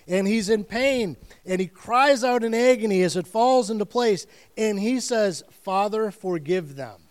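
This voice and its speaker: A man's voice: high-pitched, darkish tone. A man preaching a sermon as pastor, telling the story in earnest and vivid detail and repeating phrases for weight.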